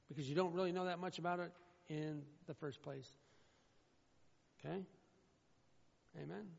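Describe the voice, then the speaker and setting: Gravelly high-voiced man preaching. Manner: earnest, repetitive, emphatic preaching. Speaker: pastor. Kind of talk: sermon. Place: church sanctuary. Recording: muffled sound in a reverberant church hall.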